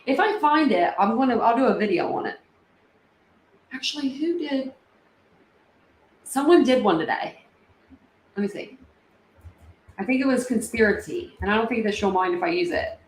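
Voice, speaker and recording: A woman's voice: fairly high pitch, animated, normal speed, pauses often. Chatty woman livestreaming in an echoey room. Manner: chatty, emotional, many fillers. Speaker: livestream host. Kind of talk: casual livestream chat reading comments. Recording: echoey room with faint ambient noise.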